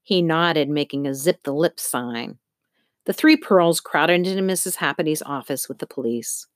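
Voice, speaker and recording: Woman narrator, low voice, dry close sound, steady reading. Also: moderate pace, no room sound. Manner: steady storytelling, occasional slips. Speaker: audiobook narrator. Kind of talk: scripted narration.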